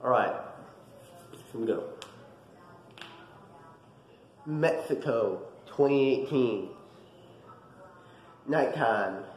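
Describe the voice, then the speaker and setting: A young man vlogging, telling a dream story in a casual, animated way with lots of fillers. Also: mid-range voice, extremely slow, long pauses, echoey room, rough recording. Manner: animated, dramatic retelling with many fillers.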